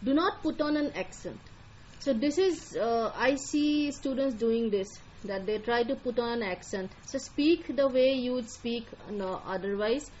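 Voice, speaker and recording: A woman's voice: a little high, animated, a little slow, darkish tone, lo-fi sound, slight background noise. Indian woman giving firm coaching advice. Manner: directive, repeats key points. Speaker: admissions counselor. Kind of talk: live online lecture.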